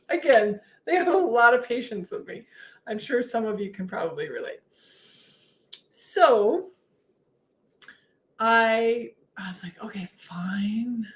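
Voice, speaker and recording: A woman hosts a spiritual livestream, speaking slowly with frequent pauses as she tells her story in a casual, animated way. She's chatty and laughs often between sentences, and her voice swings up high when she acts out her own replies.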